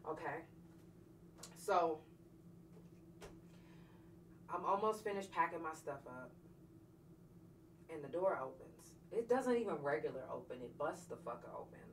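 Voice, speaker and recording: A woman's voice: sits low, animated, normal speed, pauses often, far from the mic. A woman podcast host tells a personal story to her livestream viewers in a blunt, profane, emotionally charged way. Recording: echoey room, voice off-mic, faint noise.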